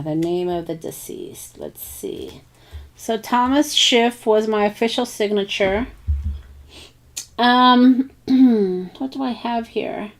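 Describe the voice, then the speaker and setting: A woman's voice: on the high side, darkish tone. A woman hosting a crafting tutorial, thinking aloud in a casual, hesitant way with many ums and bits of self-talk. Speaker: craft channel host.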